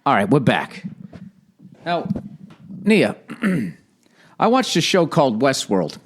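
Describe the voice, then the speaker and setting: A podcast host in his forties chats casually in a blunt, profane, joking manner, rambling as he goes. His medium-pitched voice swoops wildly in pitch, moves slowly, and has a breathy edge.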